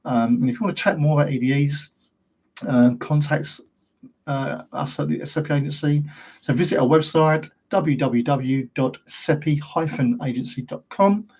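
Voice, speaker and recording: A man's voice: fairly high pitch, moderate pace, darkish tone, husky. A British man hosting his own channel, talking straight to camera in a rambling, ranting monologue full of rhetorical questions. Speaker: host of a paranormal investigation channel.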